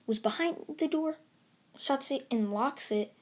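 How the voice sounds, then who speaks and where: A woman's voice: high-pitched, measured pace, a little mellow. A woman casually narrating an anime fan story, rambling with many fillers. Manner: rambling, filler-heavy, giggly asides.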